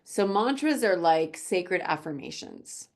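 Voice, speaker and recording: A woman teaching a gentle yoga class, speaking softly and slowly. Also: lowish voice, lively intonation. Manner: slow, soft-spoken, drifts into quiet chanting.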